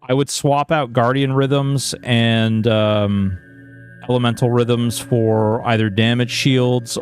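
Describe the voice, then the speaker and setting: A man's voice: medium pitch, a little mellow, smooth. A man streaming a game in casual chat, reading viewer messages aloud and talking freely with lots of fillers.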